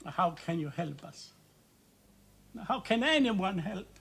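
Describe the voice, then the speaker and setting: An anxious Swiss cafe owner with a Swiss accent, pleading and earnest. His husky voice sits fairly high and swings up and down as he worries aloud. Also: lively intonation, slow pace, a bit bright, exaggerated voice. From Switzerland. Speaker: village cafe owner and father. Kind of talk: 1970s TV crime drama acting.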